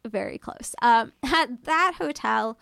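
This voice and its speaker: A woman's voice: fairly high pitch, animated, slow, creaky, sharp tone, no echo, clean studio sound. A young woman casually telling a personal spooky story, chatty and full of fillers, swearing freely and acting out what she said. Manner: chatty, filler-heavy, swears freely, acts out her own quotes.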